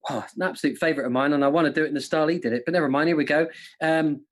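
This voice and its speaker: A quiz host with a slightly high voice and steady tone races through a live-streamed quiz, doing jokey impressions. Playful and self-mocking, he often laughs at his own jokes, and he's recorded on a studio mic with monitors.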